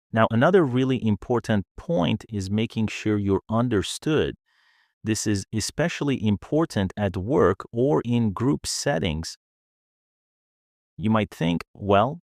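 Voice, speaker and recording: A man giving a scripted English speaking lesson, calm and explanatory as he offers tips. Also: fairly low pitch, no echo, clean studio sound.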